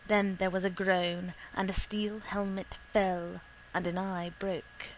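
A woman reading a literary short story aloud in a measured, deliberate way. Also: mid-range voice, little pitch movement, a little hiss or hum, rough recording. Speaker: reader.

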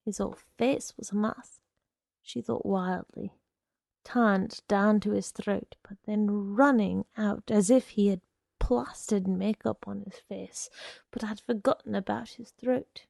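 A woman narrating literary fiction in a measured, hushed, low-key manner. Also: fairly even intonation, creaky, no room sound, studio quality.

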